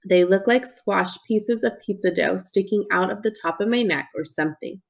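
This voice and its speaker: A woman's voice: mid-range voice, moderate pace, creaky. A woman narrating an audiobook in the first person, with a youthful, earnest, conversational manner. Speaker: audiobook reader.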